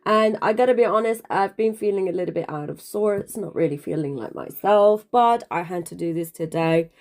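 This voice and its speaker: A woman's voice: fairly low pitch, moderate pace, darkish tone. A woman talking to the camera in a casual monologue, emphatic and preachy, calling listeners darling and sounding slightly out of breath. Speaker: spiritual video creator.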